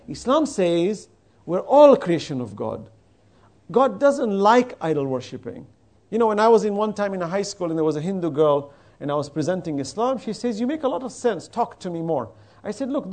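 A male preacher with a high, very lively voice that rises and falls as he tells stories and acts out dialogue. He breaks into rapid chanted Arabic verses between plain explanations. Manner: animated storytelling, quoting dialogue. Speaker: Islamic preacher. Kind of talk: religious lecture with recited verses.

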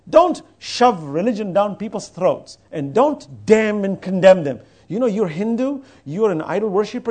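A male preacher with a high, very lively voice that rises and falls as he tells stories and acts out dialogue. He breaks into rapid chanted Arabic verses between plain explanations. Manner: animated storytelling, quoting dialogue. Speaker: Islamic preacher. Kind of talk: religious lecture with recited verses.

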